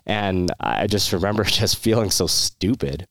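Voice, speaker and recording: A veteran opens up in an interview, his voice low and gravelly. He speaks with candor and rambles through restarts and fillers, with short laughs. The sound is close and dry. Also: lively intonation, measured pace, fairly bright tone, dry recording. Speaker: military veteran guest. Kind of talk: candid personal storytelling.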